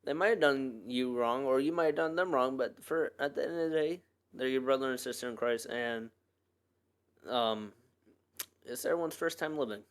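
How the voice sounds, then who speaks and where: A man with a smooth, mid-range voice talks at normal speed while hosting his own podcast solo. His casual monologue is loose, earnest and rambling, packed with fillers and restarts.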